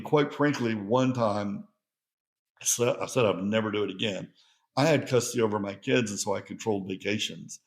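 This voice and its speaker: A man's voice: on the low side, gravelly. A middle-aged man hosting a podcast, talking in an earnest, heartfelt monologue. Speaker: podcast host.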